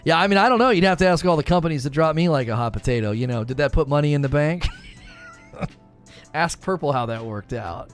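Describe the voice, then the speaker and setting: A man's voice: a little high, lively intonation, fairly quick, faint music behind. A man hosting a gaming live stream, talking casually, rambling, joking and repeating himself as he reads chat.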